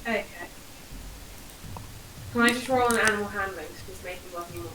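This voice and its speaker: A woman's voice: medium pitch, a little fast, pushed and bright, echoey room, slight background noise, low-quality recording. A woman playing in a casual tabletop game, eager and full of questions. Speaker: player.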